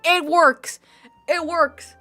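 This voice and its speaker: A woman's voice: extremely high pitch, fairly even intonation, very slow, sharp tone, soft background music. A young woman streaming, chatting casually in a playful, rambling, self-mocking way. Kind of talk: casual live-stream chat.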